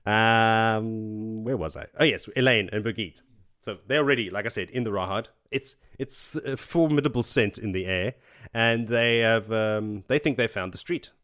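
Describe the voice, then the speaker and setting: A man's voice: fairly low pitch, normal speed, fairly bright tone, clean tone. A man casually recapping a fantasy book chapter by chapter on a podcast, rambling and laughing as he acts out the characters' lines. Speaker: podcast host.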